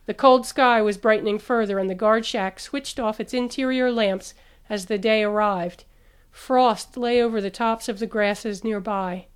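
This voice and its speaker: A woman narrating an audiobook in a steady, even storytelling manner. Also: mid-range voice, unhurried, clean tone.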